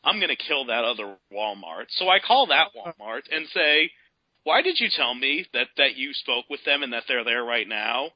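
A man calling in to a radio show, telling a long, exasperated story in a casual, animated way. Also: mid-range voice, moderate pace, no room sound. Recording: dull lo-fi radio broadcast.

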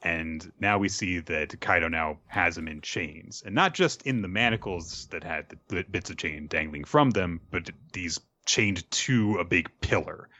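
A man's voice: deep voice, expressive, measured pace, few pauses, pushed and bright, no echo. A man giving a chatty, casual recap of a comic chapter, laughing often and using lots of fillers. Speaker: manga reviewer. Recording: dull lo-fi dry sound.

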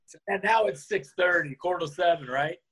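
A man being interviewed, telling a lively anecdote and acting out the lines of the people in it. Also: high-pitched, brisk, husky. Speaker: interview guest. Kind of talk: storytelling in a conversation.

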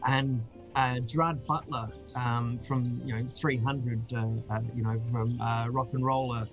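A man's voice: mid-range voice, fairly even intonation, measured pace, soft background music, rough recording. Chatty Australian man on a video call. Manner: chatty, laughs easily, many fillers and restarts. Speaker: guest. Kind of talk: casual chat.

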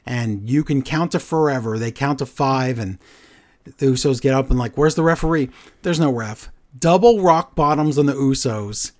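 A man co-hosting a podcast, recapping matches in casual, animated storytelling and putting on voices for the lines he quotes. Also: mid-range voice, normal speed. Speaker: podcast co-host.

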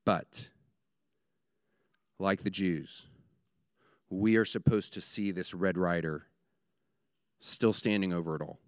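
Low, smooth-voiced man preaching. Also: takes it slowly, long pauses, no room sound, clean studio sound. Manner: emphatic, builds in repeated short phrases. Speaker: pastor. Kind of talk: sermon.

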